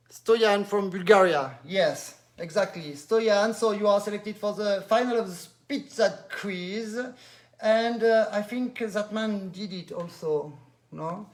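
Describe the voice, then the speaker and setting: On a live-stream music lesson, a man teaches accordion in a fairly high voice with a French accent. He's lively and practical, highlighting details as he demonstrates and mixing French words into his English.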